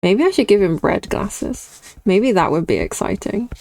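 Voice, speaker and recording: A woman's voice: mid-range voice, lively intonation, measured pace, gravelly, darkish tone, no room sound. A young British woman chatting casually with her viewers while drawing on stream, reading chat and laughing often. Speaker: artist streamer.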